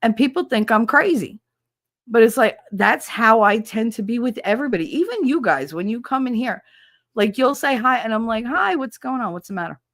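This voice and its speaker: A woman's voice: a little high, expressive, normal speed, a bit bright. A woman hosting a podcast, talking candidly and emotionally, swearing freely and restarting her sentences often. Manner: rambling with frequent restarts. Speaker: podcast host.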